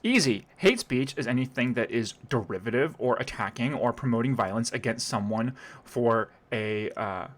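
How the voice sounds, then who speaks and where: A man's voice: mid-range voice, lively intonation, normal speed. A man streaming a casual reaction commentary, sarcastic and rambling, with many restarts.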